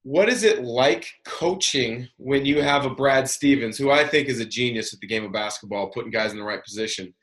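A man's voice: mid-range voice, a little fast, few pauses, fairly bright tone. A man hosting a casual sports interview, asking long winding questions. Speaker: host.

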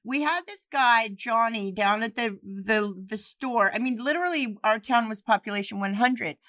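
A woman's voice: a little high, normal speed, bright, forceful tone. A woman chatting casually, candid and rambling, with swearing and restarts. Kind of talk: casual chat.

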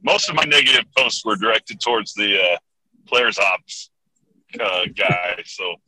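A man's voice: fairly low pitch, animated, a little slow, pushed and bright, poor audio. A man co-hosting a sports talk show, trading wry jokes about himself with his guest. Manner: joking, self-deprecating. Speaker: radio show co-host. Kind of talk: casual chat.

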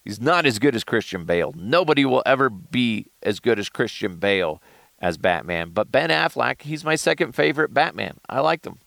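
Male solo podcaster, gravelly and animated, dry close sound. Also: mid-range voice, moderate pace, no room sound. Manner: animated, profane, jumps between shouting and mumbling. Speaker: podcast host. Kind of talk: casual solo commentary.

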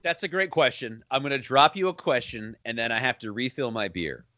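A man's voice: medium pitch, brisk, pushed and bright, no room sound. A man co-hosting a casual movie chat, enthusiastic and laughing often as he recounts favorite lines. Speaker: podcast co-host.

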